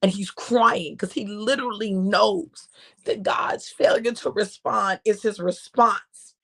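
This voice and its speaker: A woman preacher telling a sermon story in a conversational way, with drawn-out phrasing and quiet emphasis. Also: mid-range voice, fairly even intonation, gravelly.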